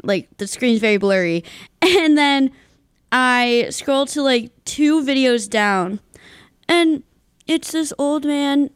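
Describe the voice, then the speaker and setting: A young woman radio host chats away in a loose, rambling way, full of fillers and little laughs. Her voice sits a little high and sounds smooth and clear. It is close and dry, as if right at a studio mic. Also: fairly bright tone, no echo. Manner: chatty, rambling, laughs often, many likes. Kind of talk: casual radio chat.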